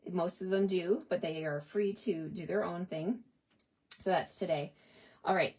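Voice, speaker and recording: A woman's voice: lowish voice, a little mellow. A woman from Canada demonstrating a paper craft in a casual tutorial. She chats with viewers, talks to herself as she works and laughs often. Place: home craft desk.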